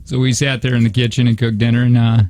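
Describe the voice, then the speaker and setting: A man's voice: mid-range voice, level tone, fast, a little mellow. A man hosting a morning radio show, chatting casually, laughing often and acting out other people's lines while telling stories. He says he is tired. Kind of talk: casual banter. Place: radio studio.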